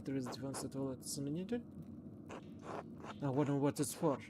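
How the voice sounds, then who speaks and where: A streamer playing a narrative game, reading its text aloud and thinking out loud in a halting, casual way. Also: medium pitch, noisy background.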